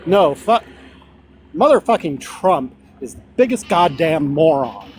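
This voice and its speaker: Male caller, high voice, blunt and profane, light road noise. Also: big pitch swings, measured pace. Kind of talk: casual call-in chat. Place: truck.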